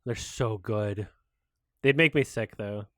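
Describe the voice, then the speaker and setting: A man's voice: on the low side, slow pace, dry recording, studio quality. A man chatting casually while streaming a watch-along, rambling and swearing, and saying he is sick. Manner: rambling, swearing, laughs loudly.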